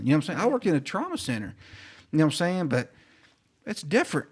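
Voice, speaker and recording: A man on a podcast telling a work story in casual chat, acting out the dialogue in animated bursts. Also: medium pitch, a little fast. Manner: animated, acts out quoted dialogue.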